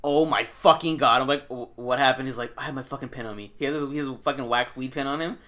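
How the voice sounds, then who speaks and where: A man's voice: mid-range voice, steady tone, rapid-fire, bright, forceful tone. A young man tells a long story in casual chat, swearing freely and acting out his friends' lines.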